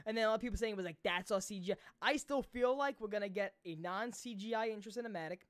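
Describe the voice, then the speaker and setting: A man's voice: high-pitched, fast, no echo. Rambling young man, dry close sound. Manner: rambling, filler-heavy, swears a lot. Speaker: podcast co-host. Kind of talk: casual gaming chat.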